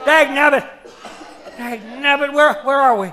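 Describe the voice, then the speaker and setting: A man acting out a hundred-year-old backwoodsman who rambles through his tall tales in a folksy drawl and cackles as he goes. His voice is high and bright. He is a stage comedy figure who gets lost in his own story. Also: unhurried, some chatter behind, full character voice. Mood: confused, excited. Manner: cackling, repeats the same yarn.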